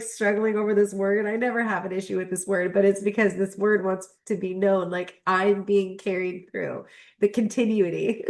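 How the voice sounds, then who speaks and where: A woman's voice: mid-range voice, fairly even intonation, normal speed, a little mellow. A young adult woman who hosts a spiritual astrology channel. She reads a spiritual text aloud and reflects on it, emotional and choked up, laughing between passages.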